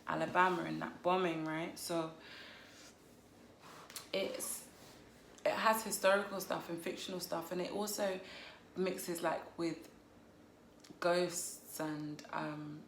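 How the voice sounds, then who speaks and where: A woman's voice: lowish voice, steady tone, slow pace, creaky, long pauses, a little hiss or hum. Chatty woman reviewing a book. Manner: chatty, playful, laughs at herself. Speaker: book vlogger. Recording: roomy echo.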